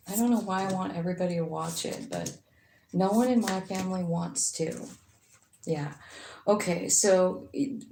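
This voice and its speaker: A woman's voice: medium pitch, a little mellow. A woman giving a casual, rambling tarot reading, chatty, with frequent fillers and some swearing. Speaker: tarot reader. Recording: echoey room with faint noise.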